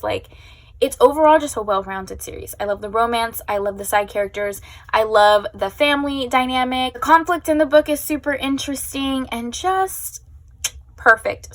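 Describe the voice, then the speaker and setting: A woman's voice: fairly high pitch, a bit bright. A young woman chatting casually at home as a book vlogger, gushing and emotional, with lots of fillers. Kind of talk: casual chat.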